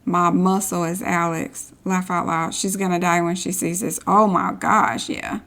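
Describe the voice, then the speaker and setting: Her voice is lowish, level and fairly bright at a measured pace as she streams a story game. She voices the in-game social posts and tosses in sarcastic remarks between them.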